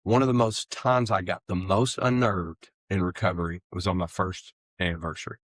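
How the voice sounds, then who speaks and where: A middle-aged man, earnestly telling his own recovery story in an interview and getting animated as he acts out his old excuses. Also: low-pitched, normal speed, no room sound. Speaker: guest sharing recovery story.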